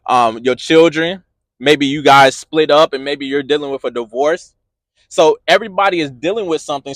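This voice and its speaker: A man's voice: fairly high pitch, no echo. A man hosting a podcast, giving an earnest faith-based motivational talk with preacher-like repetition.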